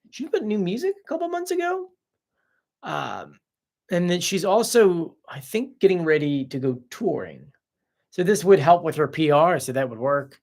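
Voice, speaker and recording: A man's voice: on the high side, gravelly. A man hosting a casual live stream, chatting off the cuff as he reads out viewer comments and answers them.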